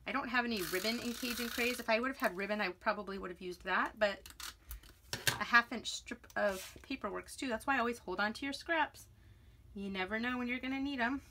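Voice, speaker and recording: A woman's voice: on the high side, creaky, background noise. A woman talking casually through a card-stamping tutorial, thinking aloud as she works. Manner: chatty, self-talking while working. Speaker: stamping demonstrator.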